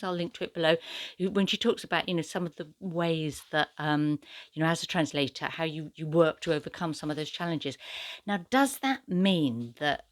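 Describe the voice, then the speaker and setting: A woman's voice: deep voice, no echo. A woman book vlogger talking casually about poetry in translation, chatty and hesitant with many fillers. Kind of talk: casual book review talk.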